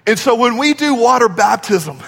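High-voiced pastor preaching in a reverberant church. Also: male voice, expressive, moderate pace, gravelly. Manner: dynamic, swinging from shouts to whispers; urges the congregation to respond. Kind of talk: sermon. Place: church sanctuary.

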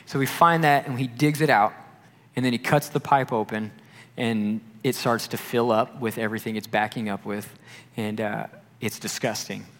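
A young adult man, a youth pastor, preaching a sermon and telling a personal story with animated delivery, acting out the voices of the people he quotes. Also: medium pitch, normal speed. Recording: long hall reverb.

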